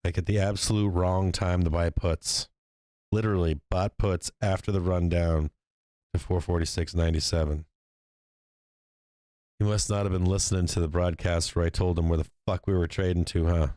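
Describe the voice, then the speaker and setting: A man hosting a live stock market stream, commenting on trades in a profane, excitable way and laughing often. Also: deep voice, normal speed, dry recording. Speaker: stock market livestream host.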